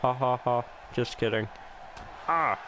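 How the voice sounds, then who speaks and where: A man calls a wrestling video game in a casual let's-play, talking slowly and bursting into gasps and swearing as the action turns. He throws in sarcastic jokes between moves. The home recording carries a clear layer of background noise. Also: mid-range voice. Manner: excitable, reacting with gasps and swearing; joking, sarcastic asides. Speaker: gameplay commentator.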